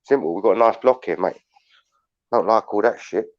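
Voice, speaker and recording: A London man rants bluntly, swearing freely and telling his stories at a steady clip. The sound is dry and close, with a slightly dull, muffled edge from the livestream audio. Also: lowish voice, brisk, dry recording. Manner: blunt, sweary, storytelling rant. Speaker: livestream panel host. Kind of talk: heated casual chat.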